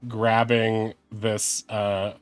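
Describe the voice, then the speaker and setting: A man's voice: fairly low pitch, completely flat delivery, smooth, no room sound, soft background music. Laid-back, laughing man narrating as game master. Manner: laughing, unhurried narration with many fillers.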